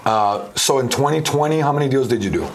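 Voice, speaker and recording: A man hosting a casual conversation, talking in a relaxed, conversational way. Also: mid-range voice, fast, a little hiss or hum. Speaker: host. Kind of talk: casual chat.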